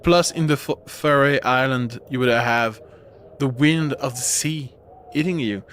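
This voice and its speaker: Male streamer, casual game commentary, slow unhurried talk, rambling and chatty, faint background hiss. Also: medium pitch, fairly bright tone. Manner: rambling, chatty, self-interrupting with laughs. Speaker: streamer playing a horror game.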